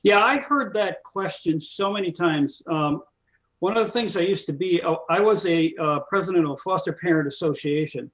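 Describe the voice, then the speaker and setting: A man's voice: sits high, normal speed. A man guesting on a live stream, chatting casually and agreeing emphatically. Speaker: guest, former foster parent association president.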